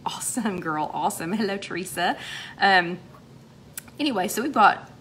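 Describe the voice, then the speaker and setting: Chatty woman host of a home livestream, upbeat, mid pitch, faint background hiss. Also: lively intonation, normal speed. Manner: chatty, upbeat, lots of fillers and shout-outs. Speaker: host of a weight-loss livestream chat. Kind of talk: casual livestream chat greeting viewers.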